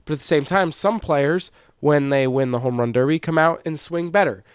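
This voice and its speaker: A man's voice: fairly high pitch, normal speed, smooth, no echo, clean studio sound. A man co-hosting a casual sports podcast, chatty and leading the segments. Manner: chatty, leads segments, laughs often. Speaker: podcast co-host.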